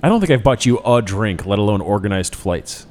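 Teasing man firing quick questions. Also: on the low side, expressive, darkish tone, faint music behind. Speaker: podcast host. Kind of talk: casual interview chat.

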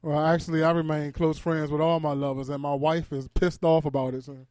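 A man doing stand-up comedy on a club stage, telling loud, animated stories with shouted bits, then chatting in an interview. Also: on the high side, a little fast, no room sound, studio quality.

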